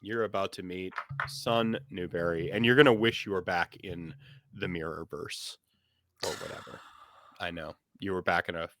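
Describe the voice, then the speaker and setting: A man's voice: deep voice, fairly even intonation, normal speed, fairly bright tone. Rambling man running a tabletop game. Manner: rambling, tangential, many fillers. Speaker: game master. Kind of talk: casual chat and game narration.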